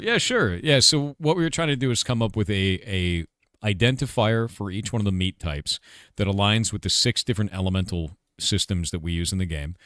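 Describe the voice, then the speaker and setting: A man's voice: low-pitched, fairly bright tone, no echo, clean studio sound. A man in his forties, a game developer and streamer, chatting casually, rambling, laughing often and swearing offhandedly. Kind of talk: casual livestream chat.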